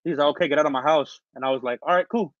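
A man from Northern California, an interview guest, tells his story fast and casually, rambling with many fillers, restarts and street slang. His slightly high, a bit bright voice comes with occasional throat clearing as he recovers from an illness, and the recording is dull and lo-fi, close and dry with no echo.

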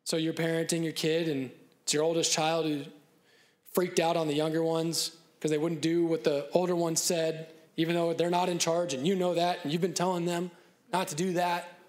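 A man preaching a conversational sermon as pastor, joking and laughing at himself, then dropping softer and earnest on his key points. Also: a little high, little pitch movement, normal speed. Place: church stage.

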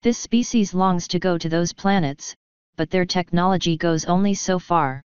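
Ambitious female unicorn ruler, exasperated and sure of herself, a woman reader doing the line; low, smooth delivery. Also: fairly even intonation, moderate pace, dry recording, dull audio, natural voice. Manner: exasperated, lecturing.

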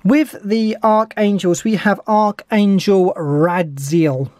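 A woman's voice: medium pitch, fairly even intonation, takes it slowly, darkish tone, dry recording, clean studio sound. A woman giving a tarot reading, talking eagerly and repeating her encouragements over and over. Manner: enthusiastic, repetitive encouragement. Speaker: tarot reader.

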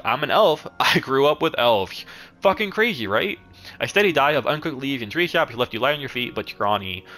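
A young man giving casual let's-play commentary, excitable, swearing and laughing often. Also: mid-range voice. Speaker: gaming YouTuber.

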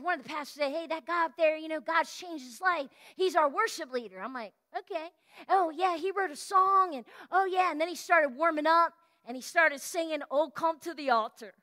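High bright-voiced woman preaching. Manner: animated storytelling sermon, exclamations, sings snippets. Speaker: pastor. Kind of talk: sermon. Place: church sanctuary.

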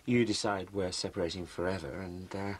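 An actor playing a bitter, sarcastic middle-aged husband facing a separation, in a TV drama. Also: male voice, deep voice, steady tone, fairly quick, slight background noise, close to an everyday voice.

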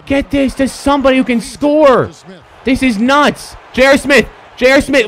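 A young man streaming a basketball video game, giving excitable, profane commentary and shouting at his players. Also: very high-pitched, moderate pace. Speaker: gaming streamer.

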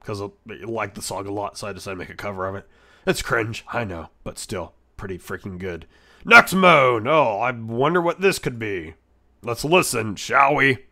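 A man streaming in character as a brash male echidna, reacting with crude jokes and loud goofy outbursts. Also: on the low side, animated, normal speed.

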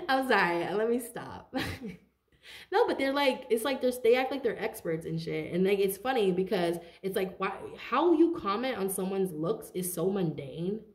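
A woman gives a casual tarot reading, chatting straight to her viewers in a loose, animated way and laughing often. Her voice sits at an ordinary middle pitch. The room around her is echoey. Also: moderate pace. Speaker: tarot reader.

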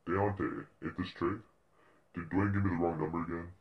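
A man voicing a laid-back young guy with slangy, drawling street talk, his voice pushed low. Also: fairly even intonation, fairly quick, dull audio, close to an everyday voice.

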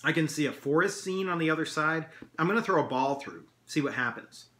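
A man's voice: a little high, expressive, brisk, fairly bright tone. A man reading a wry clever teenage brother. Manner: dry, amused. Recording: echoey room.

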